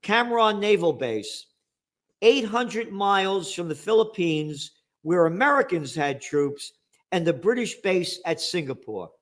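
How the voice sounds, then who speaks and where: High-voiced, sarcastic male host. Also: a little slow. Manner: sarcastic, animated, reads aloud and mocks the text. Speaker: show host. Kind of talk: heated political talk.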